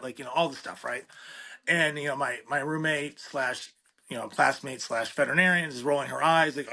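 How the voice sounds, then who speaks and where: A middle-aged man, a veterinarian, telling a comic story in an interview in an animated, self-deprecating way and acting out the dialogue. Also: fairly high pitch, fairly quick. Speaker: veterinarian, podcast guest.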